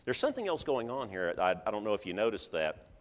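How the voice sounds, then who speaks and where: A man preaching a sermon, telling the story with lively, animated delivery and acting out what people think and say. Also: lowish voice, fast talker, long reverb tail.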